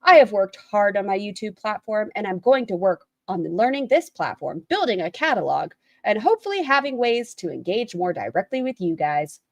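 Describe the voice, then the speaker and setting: A woman's voice: medium pitch, sing-song, normal speed, few pauses, no room sound. Blunt woman streamer, dry close mic. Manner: reads aloud and critiques a written statement, blunt, swears casually; reads viewer chat messages aloud and answers them. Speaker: livestream host. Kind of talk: casual livestream commentary.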